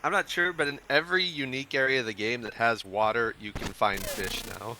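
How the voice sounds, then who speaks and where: A man's voice: medium pitch, steady tone, sharp tone, slight background noise, poor audio. A man chatting casually, telling a friend where to go and how the game works. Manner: quick, helpful, explaining. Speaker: co-player giving directions. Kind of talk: casual gameplay chat.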